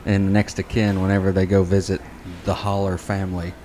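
A man's voice: deep voice, completely flat delivery, fairly quick, a little mellow, slight background noise. A man co-hosting a podcast, chatting casually and chiming in with short agreements. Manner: brief agreeing interjections. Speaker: podcast co-host. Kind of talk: casual chat.

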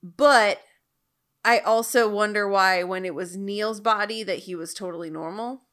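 A woman co-hosting a casual TV recap, lively and rambling. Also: medium pitch, unhurried. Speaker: podcast co-host.

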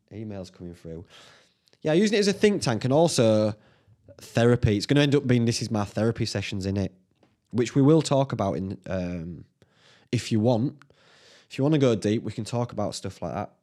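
A man with a Northern English accent, hosting a solo podcast, thinking out loud in a sweary, self-mocking way. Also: mid-range voice. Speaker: podcast host. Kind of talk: rambling solo podcast chat.

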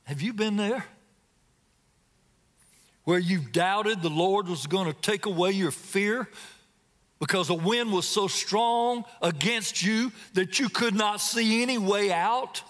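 A man with a high voice delivers a sermon slowly and deliberately as a guest preacher. He retells a scripture story dramatically and puts direct questions to the congregation. His voice rings with a long reverb from a large hall. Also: fairly bright tone.

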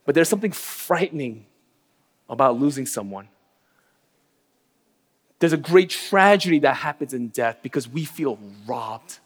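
A man preaching a sermon as pastor, earnest, sinking to a hushed low voice on grief and rising sharply for emphasis. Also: expressive, a little slow, long pauses, big-room sound.

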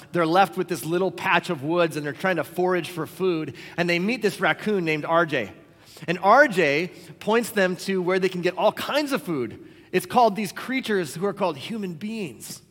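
High-voiced pastor preaching in a reverberant hall. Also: male voice. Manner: conversational, animated storytelling with quoted voices. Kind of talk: sermon.

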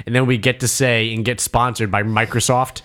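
A man in casual podcast chat, joking around and acting out shouted coaching. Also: medium pitch, little pitch movement, normal speed.

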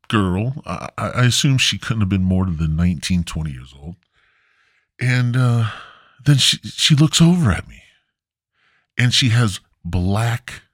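A man's voice: low-pitched, no room sound, studio quality. A man hosting a podcast, telling a rambling, profane story in a laid-back, casual way. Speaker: podcast host.

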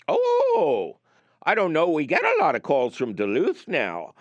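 A man's voice: a little high, measured pace, dry recording, dull audio. A man hosting a call-in gardening radio show from a studio, joking and telling stories with energy. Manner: jokey, animated storyteller. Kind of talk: lively call-in radio talk. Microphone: studio mic.

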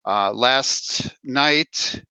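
A man's voice: mid-range voice, drawn-out words, bright, forceful tone, clear, resonant tone, no room sound. A man co-hosting a casual sports podcast, going through stats and quotes with plenty of "uh"s. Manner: reads stats and quotes, with filler "uh"s. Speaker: podcast co-host.

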